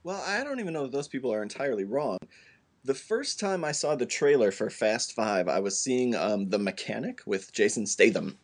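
A man's voice: medium pitch, animated, moderate pace. A man co-hosting a podcast in casual chat, joking and rambling. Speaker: podcast co-host.

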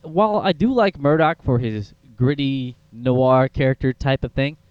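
Young guy rambling about a movie, smooth clear voice, dry muffled sound. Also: mid-range voice, moderate pace, dry recording. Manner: chatty, rambling, lots of fillers. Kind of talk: casual film review chat.

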